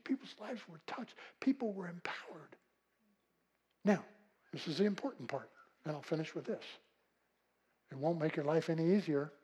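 This low-quality recording captures an older pastor delivering a sermon with a husky, high voice. He tells folksy stories, alternating loud calls with quiet, hushed moments.

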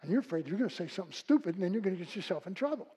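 An older man preaching a sermon with a husky voice, telling folksy stories and swinging from loud calls to hushed, quiet passages. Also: high-pitched, big pitch swings, rapid-fire, low-quality recording. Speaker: pastor.

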